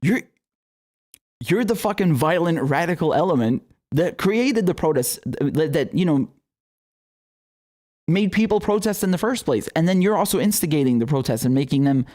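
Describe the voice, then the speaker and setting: A man's voice: a little high, animated, moderate pace, a little mellow. A young man hosting a political commentary show, talking casually with heated, profane, sarcastic outbursts and laughing asides.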